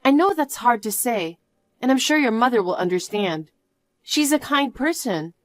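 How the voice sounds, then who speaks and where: Storybook lead: woman playing a firm, earnest young fiancée, raised pitch, dry sound. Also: animated, normal speed, no room sound, natural voice. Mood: puzzled. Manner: earnest and questioning. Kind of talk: storybook narration.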